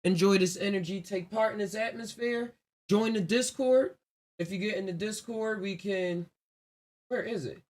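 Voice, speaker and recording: A man hosts his own podcast live, alone, drifting through casual, reflective talk and laughing a lot. His high-pitched voice is a little mellow and moves at a normal speed.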